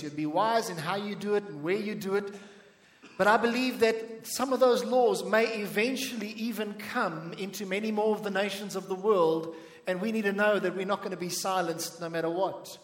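High-voiced man preaching in an echoey hall. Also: steady tone, normal speed. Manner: emphatic preaching. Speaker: pastor. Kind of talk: sermon. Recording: echoey church hall reverb.

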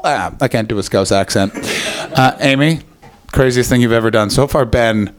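A man doing crowd-work stand-up, loud, profane and teasing. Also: medium pitch, normal speed, slight background noise. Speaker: stand-up comedian working the crowd. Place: small comedy venue with a live audience.

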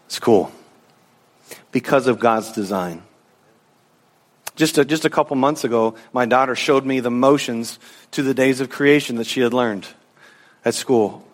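A man in his thirties, a pastor, preaching a sermon in an animated way and briefly acting out the disciples in a casual voice. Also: medium pitch, measured pace, pauses often. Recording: long hall reverb.

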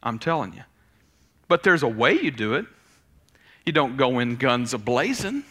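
A man, preaching a sermon in an animated, conversational way. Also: medium pitch, moderate pace, pauses often. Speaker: pastor.

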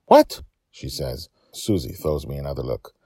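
Brief: deep male narrator, expressive rise and fall, dry close sound. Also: a little slow, no echo. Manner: casual asides between steady narration. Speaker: podcast host and narrator. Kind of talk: storybook narration.

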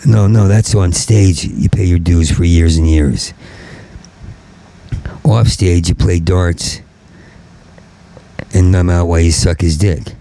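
A man, a stand-up comedian, in a profane rambling rant, stuttering and repeating syllables and swinging into angry shouting. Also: low voice, fairly even intonation, slow pace, long pauses.

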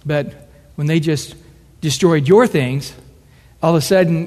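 A middle-aged man delivers a sermon in an earnest, conversational manner, slipping into quoted voices to make his point. His voice sits slightly high for a man. The sound carries a long reverb, as if filling a large hall. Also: measured pace, a little mellow. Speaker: preacher.

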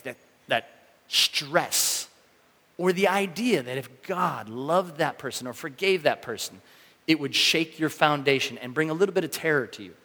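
Animated male pastor in a reverberant hall. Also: fairly high pitch, vocal fry. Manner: animated, conversational, acts out quoted reactions. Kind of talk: sermon.

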